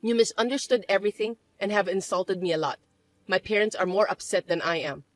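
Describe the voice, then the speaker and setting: A woman as a cool, measured businesswoman. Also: mid-range voice, no echo, close to an everyday voice. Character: calm self-made businesswoman, young adult. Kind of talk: dramatized story dub.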